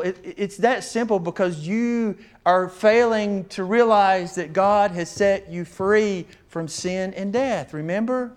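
A man preaching a sermon, animated, often acting out quoted voices of others. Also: sits high, measured pace, few pauses, smooth. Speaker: pastor.

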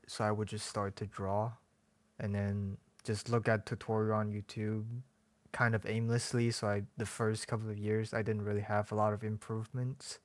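Young man, soft hedging speech, fairly low voice, dry close sound. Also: no echo. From China. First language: Chinese. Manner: soft-spoken, hedging, laughs often. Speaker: podcast guest, artist. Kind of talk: casual interview chat.

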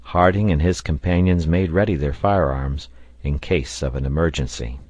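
A man reading a classic adventure novel aloud as an audiobook narrator, in a steady reading manner. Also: very deep voice, moderate pace, dry recording. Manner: steady, even-paced reading.

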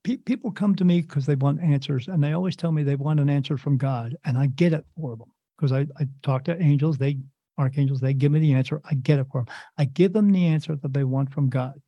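A man's voice: a little high, fast, husky, no room sound, highs cut off. A man hosting an interview, talking emphatically with repeated words and stammered restarts. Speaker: podcast host. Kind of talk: casual interview chat.

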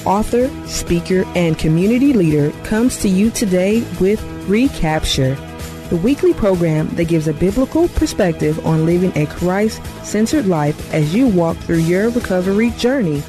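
A woman reading a scripted radio program intro in a smooth, measured way. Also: on the low side, expressive. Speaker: program announcer. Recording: voice over music bed.

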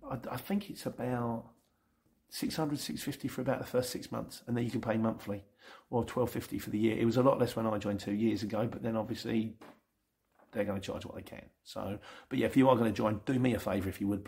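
A man's voice: on the low side, creaky, darkish tone. A middle-aged man with a London accent hosts a casual Q&A, reading out viewer comments in a chatty, rambling way with self-mocking asides. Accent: London English. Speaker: YouTube channel host.

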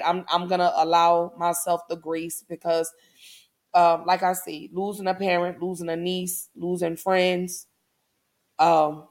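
Woman podcast host, low voice, flat even delivery, warm encouraging casual talk, heartfelt affirmations.

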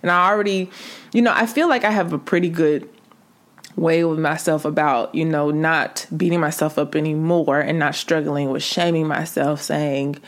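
A young woman talks candidly on her faith podcast, chatty and direct with her listeners. Her voice sits a little lower than most women's. She speaks in a relaxed, conversational monologue. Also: normal speed. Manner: chatty and candid, addresses listeners as sis and y'all. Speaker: podcast host.

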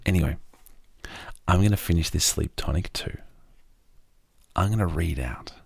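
A sleep-podcast host with an Australian accent and a low, gravelly voice that often sinks into a half-whisper. His tone is very husky and breathy, recorded close and dry with no room sound. He talks slowly and drifts along. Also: darkish tone, dry recording. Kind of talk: soft-spoken sleep podcast talk.

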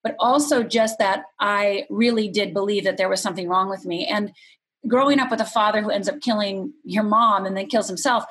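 A middle-aged woman from Upper Michigan, telling a painful personal story as a podcast guest in a candid, unhurried way. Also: medium pitch, steady tone, fairly bright tone. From Upper Michigan, USA.

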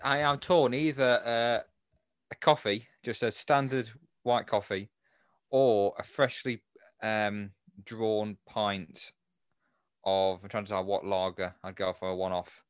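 A man's voice: fairly low pitch, fairly even intonation, a little slow, smooth, no room sound, studio quality. Hesitant man in a chat. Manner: hesitant, stumbles over words. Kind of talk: casual chat.

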